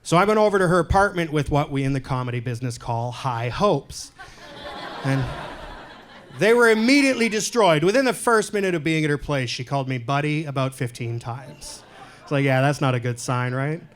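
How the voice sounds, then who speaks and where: A male stand-up comedian from Canada doing a set in a comedy club, deadpan and self-deprecating, with loud punchlines. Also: fairly high pitch, fairly quick, slight background noise.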